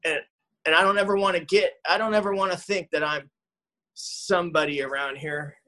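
A middle-aged man speaking from his living room over a home call mic, telling his story in an earnest, heartfelt way. His voice sits a little high for a man. He stumbles, restarts and fills gaps with ums and you-knows. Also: steady tone, sharp tone, poor audio. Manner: halting, full of fillers and restarts. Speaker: speaker at a recovery meeting. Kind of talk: personal recovery story.

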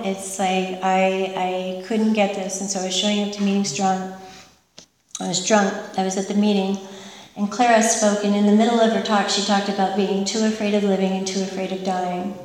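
A woman's voice: medium pitch, flat delivery, a little mellow, recorded from a distance, a little hiss or hum. Woman sharing her story in an echoey hall. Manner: candid, emotional, halting with fillers. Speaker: recovery meeting speaker. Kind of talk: personal testimony.

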